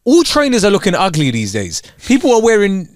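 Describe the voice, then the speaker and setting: Young man, podcast co-host, animated and mocking, slightly high voice. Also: brisk, dry recording, studio quality. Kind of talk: casual chat.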